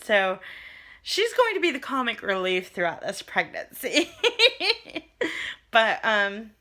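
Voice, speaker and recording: Young woman, bright chatty vlogger voice, rambling casual update with frequent ums. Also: on the high side, wildly swooping pitch, takes it slowly. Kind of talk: casual pregnancy update vlog.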